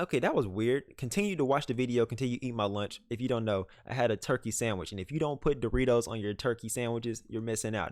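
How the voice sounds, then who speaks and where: A man's voice: medium pitch, dry recording, clean studio sound. Young man telling a casual story. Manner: casual, animated retelling with many fillers. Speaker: vlogger. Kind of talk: storytime vlog. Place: home room, dog nearby.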